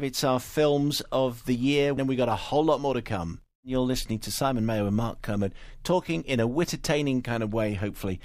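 A man presenting a radio talk show, smooth and wry, steering the conversation along. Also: medium pitch, dry recording. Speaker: radio host. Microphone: studio microphone.

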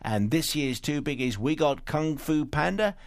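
A man presenting a radio talk show, smooth and wry, steering the conversation along. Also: on the high side, animated, a little slow, no room sound, clean studio sound. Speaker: radio host. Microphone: studio microphone.

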